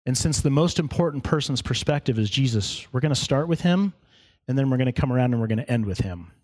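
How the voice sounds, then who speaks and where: Man, pastor, casual sermon, joking asides, medium pitch. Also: lively intonation, quick pace, darkish tone. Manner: conversational, with humorous asides. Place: church.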